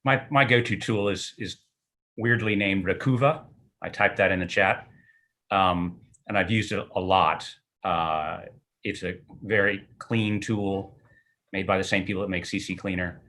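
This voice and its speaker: A man's voice: low-pitched, fairly even intonation, unhurried, sharp tone. A man co-hosting a live tech Q&A, chatting casually and making dry, self-mocking jokes. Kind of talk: casual live-stream banter.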